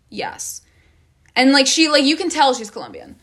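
A young woman talks straight to her audience in a loose, rambling storytime. Her voice sits a little high, and she strings her thoughts together with constant "like"s and casual swearing. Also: very animated, brisk, a bit bright. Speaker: vlogger.

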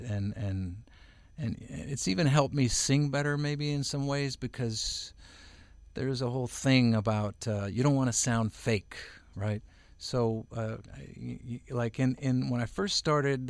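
A middle-aged voice-over artist chats as an interview guest at home, rambling with plenty of fillers and restarts. He speaks unhurriedly at medium pitch, with no room sound in the recording.

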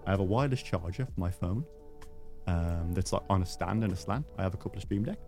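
A man's voice: low voice, fast talker, darkish tone, soft background music. A man hosting a podcast in casual chat, rambling with lots of fillers and teasing his guest. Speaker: podcast host.

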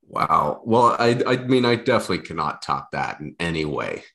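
A man's voice: deep voice, very animated, normal speed, a bit bright. A young man co-hosting a podcast, talking in a casual, rambling, self-deprecating way with lots of restarts. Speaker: podcast co-host. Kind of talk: casual chat.

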